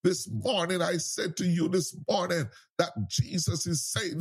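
A male preacher delivers a sermon in a fervent, repetitive style, breaking in again and again with cries of praise. His voice sits a little high and sounds husky. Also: unhurried, few pauses. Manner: fervent, repetitive exhortation with frequent interjections.

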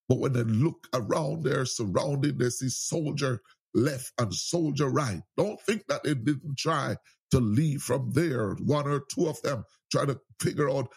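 A man's voice: medium pitch, darkish tone, husky. A man preaching a sermon with fervent, repetitive exhortations and frequent cries of praise.

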